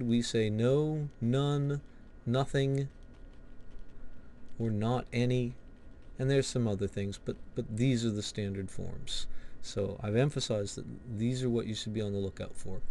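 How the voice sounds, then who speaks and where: A man's voice: medium pitch, a little mellow. A man teaching a logic lesson, explaining step by step and asking and answering his own questions. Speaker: logic instructor. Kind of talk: recorded lecture walkthrough.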